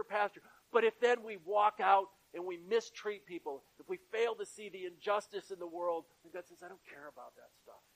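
High-voiced man preaching a sermon. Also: a bit bright, rough recording. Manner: earnest, repetitive preaching cadence. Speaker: pastor. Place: church.

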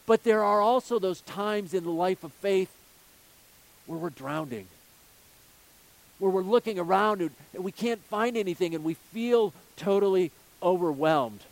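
A man's voice: high-pitched, unhurried. A male pastor preaching a sermon, earnest, building his points with repeated phrases and rhetorical questions.

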